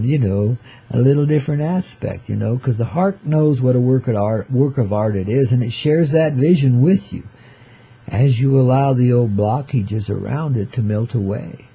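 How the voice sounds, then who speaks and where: A man's voice: medium pitch, warm tone, husky. An older man hosting his own show, drifting through a laid-back rhyming monologue full of hip slang, calling his listeners "babies" and "man" and chuckling between lines. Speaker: show host.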